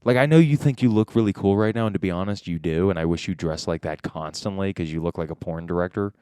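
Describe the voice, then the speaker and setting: A man co-hosting a casual comedy podcast, joking and swearing, often cutting into quick asides. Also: low voice, darkish tone, smooth, dry recording, studio quality. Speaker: podcast co-host.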